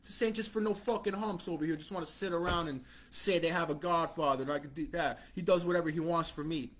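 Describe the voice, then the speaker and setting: A man preaches a profane street-style sermon in a swaggering mobster tough-guy manner. His voice sits high for a man, and his delivery is blunt and scornful, with chuckles between lines. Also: quick pace, fairly bright tone.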